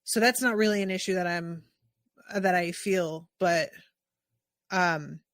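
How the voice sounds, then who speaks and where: Woman podcast host, American, expressive and lively, mid pitch, dry close-mic sound. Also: no room sound. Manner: animated, expressive, quick asides. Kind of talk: casual podcast chat.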